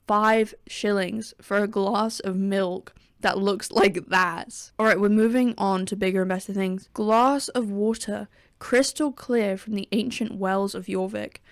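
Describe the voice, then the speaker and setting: Gravelly-voiced woman ranting sarcastically. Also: medium pitch, no echo, studio quality. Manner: ranting, sarcastic, swears freely. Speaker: gaming video creator. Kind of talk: casual tier-list commentary.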